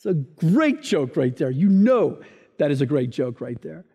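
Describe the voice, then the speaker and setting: A pastor delivers a sermon in a high, bright-edged voice, and a long reverb trails his words through the hall. He preaches in an animated way, full of playful asides and stories. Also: measured pace, breathy edge. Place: church hall.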